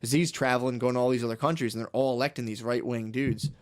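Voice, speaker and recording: Male comedy podcast co-host, mid-pitch voice, rambling and profane, laughs easily. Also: fairly even intonation, fast talker. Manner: rambling, profane, laughs often, slips into mocking impressions. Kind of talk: casual comedic chat.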